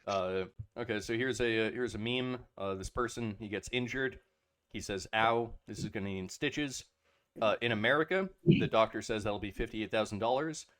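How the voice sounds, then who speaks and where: Sarcastic podcast host, bright and forceful. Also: male voice, lowish voice, moderate pace. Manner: sarcastic, reads out memes. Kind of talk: casual political chat.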